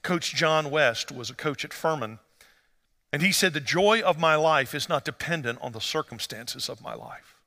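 A man preaching a sermon as pastor, conversational and storytelling, rising to animated emphasis. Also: fairly high pitch, normal speed, long reverb tail.

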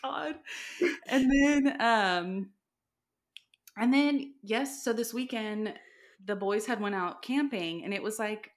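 A woman's voice: a little high, takes it slowly. A woman co-hosting a podcast, telling stories in casual chat, acting out quoted lines and laughing often. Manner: animated storytelling, acts out quoted dialogue, laughs often. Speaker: podcast co-host.

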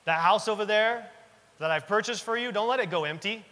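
Man in his thirties, pastor preaching, bright forceful delivery, long church-hall reverb. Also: high-pitched, fairly quick. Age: 30s. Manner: earnest, emphatic preaching with repetition. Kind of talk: sermon. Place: church sanctuary.

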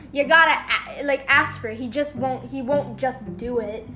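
A woman's voice: fairly high pitch, normal speed, pushed and bright, soft background music. A woman in a casual family devotional talk, rambling and acting out the voices she quotes. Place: home.

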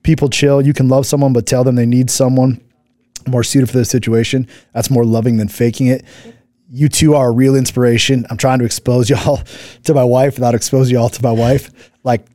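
A man with a mellow, rather dark voice chats casually beside his wife, reacting to viewer comments. He speaks bluntly, swears freely, and wanders through half-finished thoughts. The sound is dry and close. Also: mid-range voice, little pitch movement, brisk, no room sound. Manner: rambling, blunt and profane, trails off and restarts. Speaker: co-host, husband.

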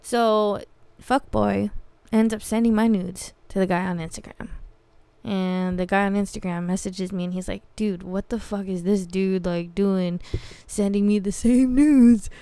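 A young woman tells a story in a blunt, animated way, full of slang and swearing. Her voice is smooth and clear. The sound is close and dry. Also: medium pitch, measured pace, no room sound. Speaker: podcast host. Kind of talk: casual storytelling monologue.

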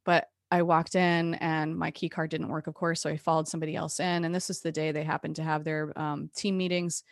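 A woman guest telling a personal story candidly, animated and frank, with restarts and the odd curse word. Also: low voice, brisk, no echo, studio quality.

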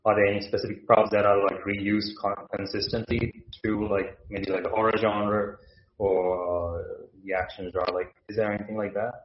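A man hosting a podcast interview, asking loose, relaxed questions full of fillers. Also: on the low side, normal speed. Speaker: podcast host. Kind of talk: casual interview. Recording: echoey, dull room with faint hiss.

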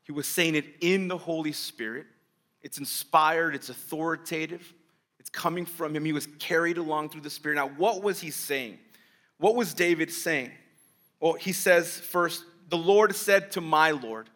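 A man's voice: a little high, normal speed, a bit bright. A male pastor preaching a sermon, explaining the text step by step and asking his listeners rhetorical questions.

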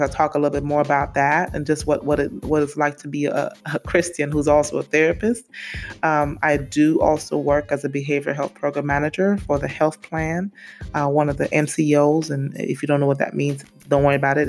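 A woman from Saint Lucia with a Saint Lucian accent, hosting a casual faith podcast in an earnest way, often repeating her phrases and speaking straight to listeners. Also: sits low. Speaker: podcast host and therapist.

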